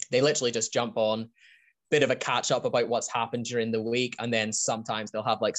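Male podcast host, mid-pitched, chatty and enthusiastic, rambles and laughs easily. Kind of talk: casual podcast chat.

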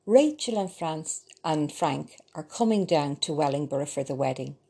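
Slow low-voiced woman with a creaky voice. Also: expressive. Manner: slow, gentle reading with small slips. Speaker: narrator. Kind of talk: storytelling narration.

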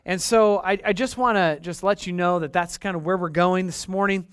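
A man's voice: high-pitched, fairly even intonation, moderate pace, a bit bright, clear, resonant tone, dry recording, studio quality. A man in his late thirties preaching a sermon in a conversational way, checking in with the listeners and often repeating his words. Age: late 30s. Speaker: pastor.

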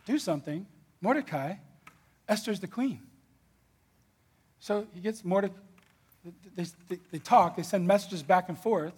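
Casual Bible teacher, male, high husky voice, slangy and lively delivery. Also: measured pace, long pauses. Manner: animated, conversational, slangy.

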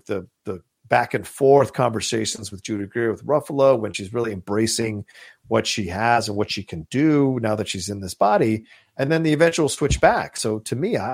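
Gravelly man chatting about movies. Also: medium pitch, no room sound, clean studio sound. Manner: rambling, enthusiastic, swears casually. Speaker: podcast co-host. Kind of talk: casual chat about movies.

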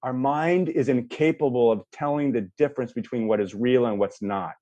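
A man's voice: medium pitch, normal speed, hardly any pauses, dull audio. A man coaching a guest, leading a visualization and acting out people's reactions as he explains. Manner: animated, acts out quoted reactions. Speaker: life coach. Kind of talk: guided visualization and coaching talk.

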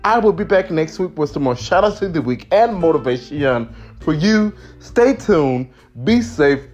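Emphatic American man with lively, high pitch. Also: a little slow, dull audio, faint music behind. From United States. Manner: emphatic, repetitive. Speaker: podcast host. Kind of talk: motivational monologue.

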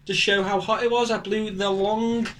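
A young English man co-hosting a comedy podcast, teasing his partner with deadpan wind-ups and stammering restarts. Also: high voice, moderate pace. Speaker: podcast co-host. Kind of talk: casual comic banter.

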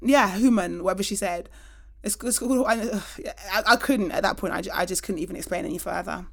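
Animated woman telling stories. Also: mid-range voice, brisk, gravelly. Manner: animated storytelling, acts out voices with laughter. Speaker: podcast host. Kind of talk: casual chat.

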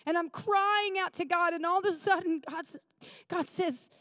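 A woman's voice: very high-pitched, normal speed, fairly bright tone, clean studio sound. A woman pastor in her forties preaching in a church, praying fervently and telling a personal story earnestly. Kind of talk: sermon with prayer and personal story. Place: church sanctuary. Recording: long reverb of a large hall.

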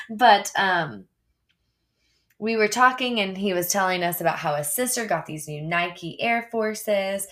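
A woman's voice: lowish voice, fairly bright tone. A young woman, a teacher hosting a podcast, telling funny classroom stories in a chatty way, often laughing. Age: young adult. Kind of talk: casual storytelling.

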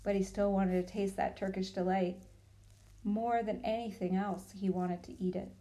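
A woman narrating a storybook aloud in a calm, measured way. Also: mid-range voice, low-quality recording.

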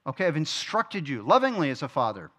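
A man's voice: a little high, big pitch swings, a little fast, a bit bright. A middle-aged man teaching a Bible study from a church stage, conversational, asking the room questions and answering them himself. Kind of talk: sermon.

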